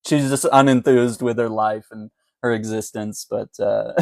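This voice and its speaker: A man's voice: lowish voice, fairly even intonation, normal speed, vocal fry, a little mellow, no room sound. A man doing a casual live chat about politics, talking in a loose, conversational way with frequent laughs. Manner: chatty and conversational, laughs often. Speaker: political commentator.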